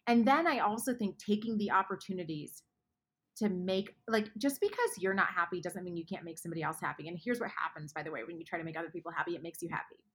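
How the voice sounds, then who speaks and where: A woman guest author speaking earnestly in a faith podcast conversation, often dropping to hushed tones. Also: on the low side, quick pace, slightly rough.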